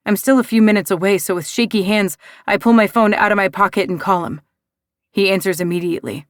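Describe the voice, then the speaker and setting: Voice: medium pitch, no echo. Emotive romance audiobook narrator, first person, dry close booth sound.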